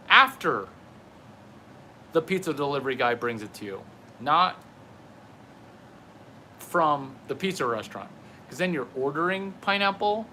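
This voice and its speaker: A comedian vlogger palms a basketball while delivering a rambling, playful monologue to camera, riffing through absurd tangents. His voice is a little high with a sharp tone, and there's a slight hiss or hum.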